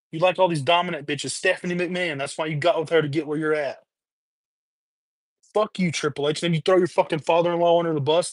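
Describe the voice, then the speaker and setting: A man with a slightly high voice rants into his streaming mic, swearing constantly and hammering the same points over and over. The sound is close and dry, with no room around it. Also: no echo. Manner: heated, profane, repetitive ranting. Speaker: livestream host. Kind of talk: angry rant on a livestream. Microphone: webcam or streaming mic.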